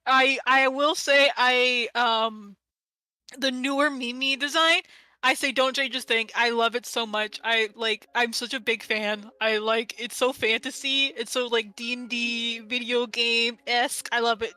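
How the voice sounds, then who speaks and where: A woman artist chatting casually on a stream, excitable and giggly, talking in bursts. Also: a little high, a little slow, no room sound. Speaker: vtuber artist on a panel.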